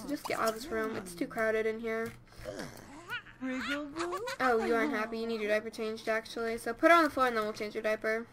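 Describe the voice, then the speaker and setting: A woman giving casual let's-play commentary, chatty and easily excited, talking straight to her game characters. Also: on the high side. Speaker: gameplay commentator.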